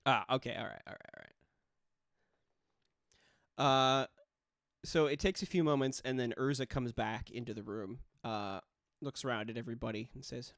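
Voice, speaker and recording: Man, game master, casual and rambling, mid pitch, dry close sound. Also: moderate pace, vocal fry, pauses often, a bit bright, no room sound. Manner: casual, with frequent fillers and self-corrections. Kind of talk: narrating a tabletop game.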